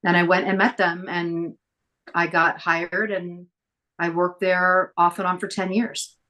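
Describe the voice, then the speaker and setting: A middle-aged woman telling stories as a podcast guest, chatty and lively as she acts out the people she quotes. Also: on the low side, a little slow. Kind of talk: casual storytelling interview.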